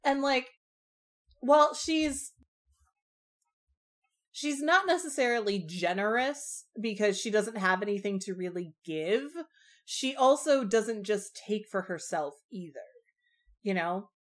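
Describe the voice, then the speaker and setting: A young woman co-hosting a casual book discussion podcast, speaking reflectively and candidly with drawn-out phrasing. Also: medium pitch, animated.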